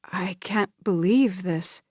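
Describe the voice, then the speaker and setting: A woman's voice: medium pitch, lively intonation, slow pace, slightly rough, dry recording, studio quality. Woman doing a stunned, faltering mother. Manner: faltering, stammering, whispery. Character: shocked, fragile middle-aged mother.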